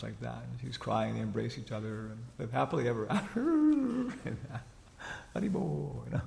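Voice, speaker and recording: A man with a deeply gravelly, creaky voice gives an informal spiritual lecture. He talks in a loose, rambling way, filled with casual fillers. The sound carries a long reverberant tail, as in a lecture hall. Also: moderate pace, darkish tone. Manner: chatty and rambling, many "you know" fillers, laughs while retelling. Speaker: spiritual teacher giving a lecture. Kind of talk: informal religious lecture, storytelling.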